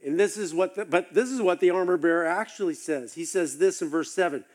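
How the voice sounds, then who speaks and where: A man with a high voice preaches a sermon. He tells the story with animated, acted-out asides. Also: a little fast, few pauses. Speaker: pastor.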